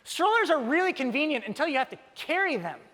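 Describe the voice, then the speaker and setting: Animated male pastor in a reverberant church. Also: extremely high pitch, fast. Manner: animated storytelling with self-deprecating humor. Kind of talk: sermon. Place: church sanctuary.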